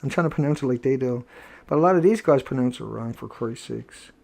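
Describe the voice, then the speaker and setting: A man's voice: medium pitch, fairly quick, gravelly, a little mellow. A man hosting a nightly live online show, talking in an emphatic, preachy ramble that repeats and corrects itself. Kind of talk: rambling live broadcast monologue.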